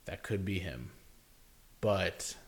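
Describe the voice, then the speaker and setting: A young man with a lowish voice talking in a loose, rambling way, peppering his speech with "like" and casual swearing. He co-hosts a podcast in relaxed, off-the-cuff chat. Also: slow, gravelly. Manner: rambling, swears a lot, leans on "like". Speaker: podcast co-host.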